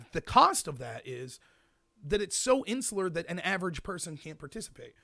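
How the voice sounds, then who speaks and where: A man hosting his own show, delivering an animated commentary monologue full of mock quotes. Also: on the high side, no echo. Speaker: host.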